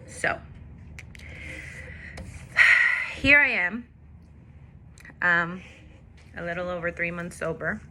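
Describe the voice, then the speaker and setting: A faint hum sits behind a faith vlogger, a mother with a daughter, as she speaks candidly about her struggles. Her bright, forceful voice is pitched a little low, and her expressive, confessional storytelling comes very slowly, with frequent pauses.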